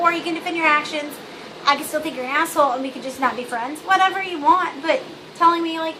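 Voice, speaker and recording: A woman's voice: sits high, fast. Bubbly, blunt young woman vlogging. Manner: bubbly, blunt, rambling with many fillers. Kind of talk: casual vlog monologue. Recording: noisy home recording.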